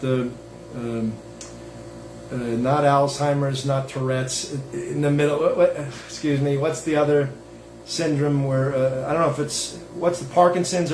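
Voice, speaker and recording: A man's voice: on the high side, roomy sound, slight background noise. A man hosting his own show, giving a digressive religious monologue in a folksy, self-interrupting way. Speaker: host.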